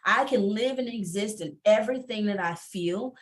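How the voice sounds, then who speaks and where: A woman's voice: medium pitch, moderate pace. A woman who coaches entrepreneurs, speaking candidly and emphatically on a panel over a video call, laughing often.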